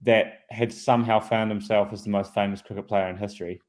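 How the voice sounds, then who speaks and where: A man's voice: on the low side, little pitch movement, fairly quick, a little mellow. A man, a podcast co-host and former pro cyclist, chatting casually with dry, wry remarks. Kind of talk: casual chat.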